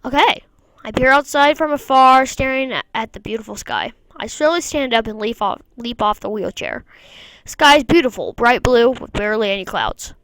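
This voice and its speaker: Woman, higher voice, smooth and clear, dry close sound, reading game text aloud, wry asides. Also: moderate pace, a bit bright, no room sound, rough recording. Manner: reads narration plainly, breaks off with wry asides. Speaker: gamer. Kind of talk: reading a visual novel aloud.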